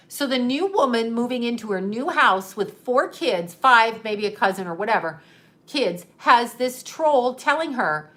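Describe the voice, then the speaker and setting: A woman's voice: fairly high pitch, moderate pace. Laughing, profane woman telling a story. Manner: profane, laughing often, animated retelling. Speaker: host telling a personal story. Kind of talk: casual storytelling.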